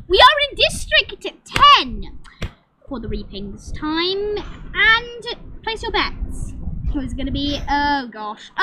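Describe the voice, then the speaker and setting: A woman plays a grandiose announcer presenting a deadly reaping, who gets flustered and starts her sentences over. The voice is very high and bright, with animated swings in pitch, and the delivery is slow and drawn out. It comes from a comedic game role-play. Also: slight background noise, exaggerated voice, rough recording. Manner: theatrical, flustered, trails off and restarts. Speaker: host of the reaping.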